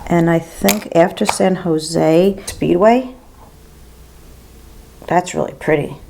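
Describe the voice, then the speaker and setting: A woman in her fifties, a nurse who also makes makeup vlogs, talks to her camera while doing her makeup. Her voice is fairly low, slow and creaky over a noisy background. She tells a gossipy, rambling story, saying "girl" and "like" constantly.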